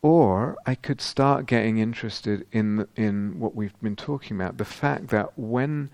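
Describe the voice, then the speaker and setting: Low gravelly-voiced male meditation teacher. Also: measured pace, darkish tone, no echo. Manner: thoughtful, searching for words, many restarts. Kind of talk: answering questions at a retreat. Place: meditation hall.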